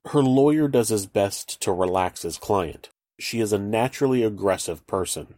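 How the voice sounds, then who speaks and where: A man narrating a true-crime video in a flat, matter-of-fact way. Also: on the low side, moderate pace, no room sound.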